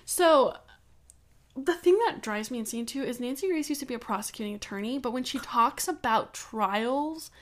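A woman's voice: fairly high pitch, lively intonation, moderate pace. A young woman co-hosting a true-crime podcast, talking casually and with strong opinions, laughing often and swearing. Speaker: podcast co-host.

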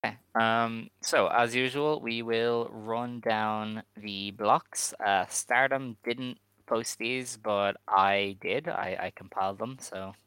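A man co-hosting a casual podcast, reading out standings in a measured, dry way. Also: on the low side, fairly even intonation, sharp tone, clean tone, dry recording. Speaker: podcast co-host.

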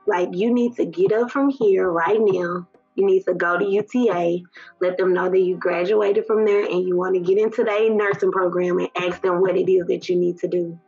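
A woman tells her own story in a husky, breathy voice, chatty and emotional, leaning on fillers as she goes. The audio is dull and lo-fi, with faint music in the background. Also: mid-range voice, a little mellow. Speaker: guest. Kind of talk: casual storytelling interview.

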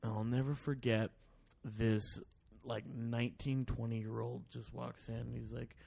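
A man on a podcast rambling through a long story, cursing freely and stumbling over restarts. He slips into other people's lines as he quotes them. His voice sits at an average pitch. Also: flat delivery, a little slow, creaky, dark tone. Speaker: podcast guest. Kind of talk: casual storytelling.

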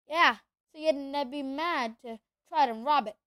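A woman reading a storybook aloud, voicing a huge, friendly giant man who talks loudly and bluntly. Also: high-pitched, moderate pace, no echo. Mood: hearty. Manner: loud, hearty, blunt. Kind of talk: audiobook character voice.

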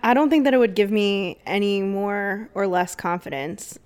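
A young woman co-hosts a casual podcast chat. She rambles a little, filling her sentences with likes and ums. Her voice sits at an ordinary middle pitch and she laughs easily. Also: normal speed, darkish tone, clean tone. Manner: chatty, many fillers, laughs often. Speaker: podcast co-host.

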